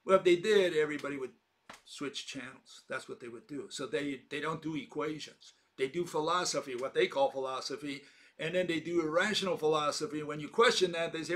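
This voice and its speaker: A man with a slightly high voice delivers a lecturing monologue. He argues emphatically, circling back over his points and throwing out rhetorical questions. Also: a little fast, a bit bright. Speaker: host.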